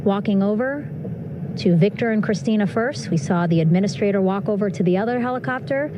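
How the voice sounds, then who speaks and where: A woman's voice: mid-range voice, fairly quick, background noise. A woman giving upbeat live broadcast commentary, chuckling often as she describes what she sees.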